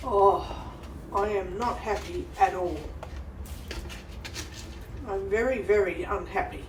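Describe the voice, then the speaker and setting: Slow, angry woman ranting. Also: medium pitch. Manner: angry, swearing, slow repetitive venting. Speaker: vlogger. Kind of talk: ranting vlog while making food. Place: kitchen at home. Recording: roomy, distant, noisy background.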